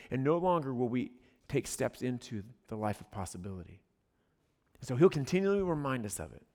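A man preaching a sermon, telling stories with acted-out voices and dropping into quiet asides. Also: high voice, in a large hall. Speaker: pastor.

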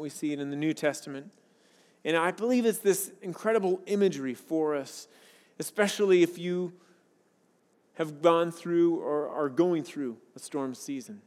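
High-voiced male pastor in an echoing hall. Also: normal speed, a little mellow. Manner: earnest, conversational preaching with personal stories. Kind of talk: sermon. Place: church sanctuary with a worship team. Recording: long reverb of a large hall.

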